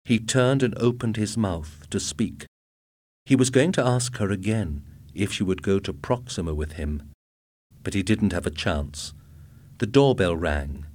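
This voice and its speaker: A man narrating a story aloud in a steady reading voice. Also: fairly low pitch, a little slow, dry recording. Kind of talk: audiobook narration.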